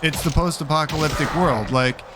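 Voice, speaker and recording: A man's voice: a little high, normal speed. A man hosting a let's play, giving casual, rambling commentary full of sarcasm and swearing. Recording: commentary with background game noise.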